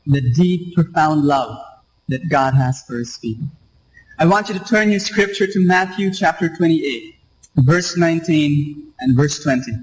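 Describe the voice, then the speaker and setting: Male preacher, high voice, emphatic, repetitive sermon delivery. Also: low-quality recording. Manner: emphatic and repetitive, with rhetorical questions. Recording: radio live stream.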